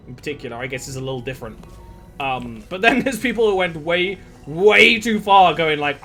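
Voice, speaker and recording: A man's voice: on the high side, moderate pace, a bit bright, soft background music. A man streaming a game, chatting casually and rambling from one tangent to the next in a self-deprecating way. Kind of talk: casual gameplay chat.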